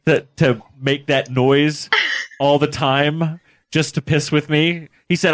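Man, podcast co-host, casual storytelling, bright tone. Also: a little high, unhurried, no room sound. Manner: laughs often, tells stories. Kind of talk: casual chat.

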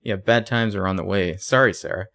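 A man's voice: lowish voice, fairly quick, vocal fry, bright, forceful tone. A man co-hosting a casual chat, recapping a TV episode with sarcastic asides. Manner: chatty, sarcastic, acts out quoted lines. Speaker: podcast co-host recapping a TV episode.

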